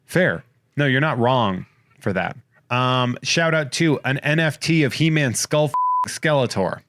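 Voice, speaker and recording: A man hosting a podcast in casual comedic chat, rattling off wry, crude shout-outs and jokes. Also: medium pitch, expressive, measured pace, no room sound. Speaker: podcast host.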